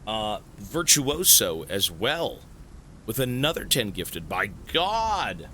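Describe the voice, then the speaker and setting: A man streaming live, thanking viewers for gifts in an excitable, swearing, disbelieving way. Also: on the low side, slow pace, a little hiss or hum. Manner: excitable, swears a lot, stunned outbursts.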